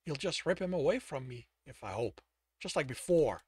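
A man's voice: fairly high pitch, sing-song, normal speed, a little mellow, husky, dry recording. A man voicing a tormented young man, desperate and possessive, who pleads and growls. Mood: anguished. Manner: pleading, anguished.

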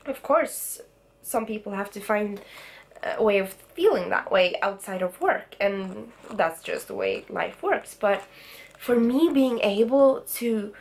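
With a medium-pitched, somewhat mellow voice that has a breathy edge, a young woman in her twenties chats casually to her handheld camera. She's a student vlogger outdoors in the countryside, full of enthusiasm and frequent laughter.

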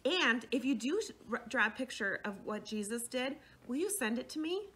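A young woman who leads children's faith classes, gently telling a Bible story to children and often checking in with them. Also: a little high, animated, moderate pace, slightly rough. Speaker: children's faith formation director.

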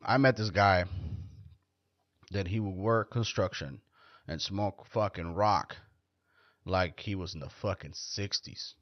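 A foul-mouthed male podcast host delivers a loose, rambling monologue, blunt and joking. His voice sits low and slow with long pauses, and the lo-fi sound is dry and dull with no echo.

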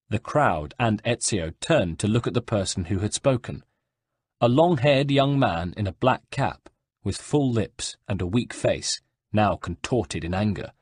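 A male audiobook narrator with a husky, slightly breathy voice, reading in a measured storytelling manner. He sits close to the mic in a dry, dead room. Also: on the low side, animated, a little mellow, no echo. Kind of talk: scripted narration.

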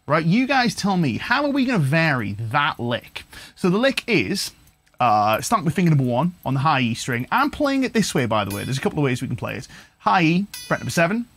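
Chatty man teaching guitar. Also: a little high. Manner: chatty, enthusiastic, thinking aloud with fillers. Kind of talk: livestream guitar lesson. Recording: guitar playing in background.

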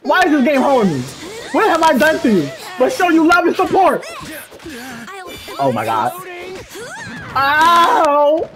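A young woman loudly commentating her own gameplay, cursing and yelling at her opponents. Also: high voice, big pitch swings, moderate pace, pauses often. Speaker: gaming streamer. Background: game music.

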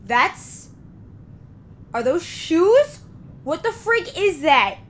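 A woman's voice: extremely high pitch, sing-song, drawn-out words, a little hiss or hum. A woman hosting a horror game let's play, jumpy and often screaming and repeating herself as she comments.

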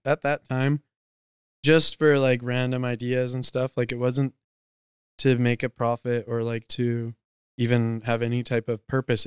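Young guy rambling on a podcast, super clean crisp voice, dry close mic. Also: medium pitch, no echo. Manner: laid-back, rambling, with filler words and laughs. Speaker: podcast guest, filmmaker. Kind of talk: casual podcast chat.

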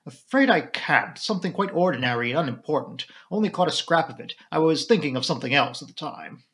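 A man voicing a gruff middle-aged army major who talks in clipped, terse phrases. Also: a little high, animated, fast talker, a bit bright. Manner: clipped, terse, drops sentence subjects.

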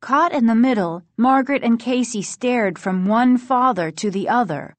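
A woman reading a spooky children's story aloud, in slow, expressive narration. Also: fairly high pitch, dry recording. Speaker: audiobook reader.

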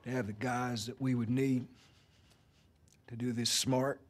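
A husky, slightly breathy middle-aged man played by an actor in a video game cutscene. He reasons steadily and carefully, cautious and protective. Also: mid-range voice, little pitch movement, measured pace, natural voice.

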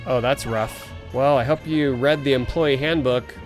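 A man hosting a playful game playthrough, telling the story in an excitable, dramatic way full of gasps. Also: mid-range voice, a little slow, over music. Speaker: let's play host. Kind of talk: playful let's play narration.

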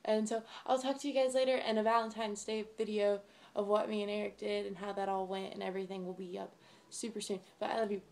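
A woman's voice: mid-range voice, level tone, quick pace, creaky, a little mellow, a little hiss or hum. A young woman vlogging in a casual, chatty way, talking straight to her viewers. Her delivery is bubbly and gushing, and she rambles from one thought to the next. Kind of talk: casual chat to camera.

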